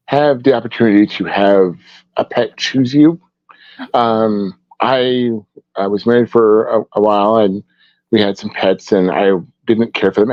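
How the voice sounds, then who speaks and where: Male guest artist, low voice, rambling storyteller; dull dry lo-fi sound. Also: no echo. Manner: rambling, warm storytelling with restarts. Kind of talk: casual interview chat.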